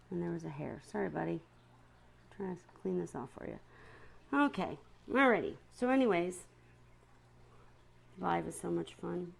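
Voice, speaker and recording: A woman's voice: lowish voice, gravelly. A woman chatting casually to viewers on a live stream about her seahorses, often stopping to apologize.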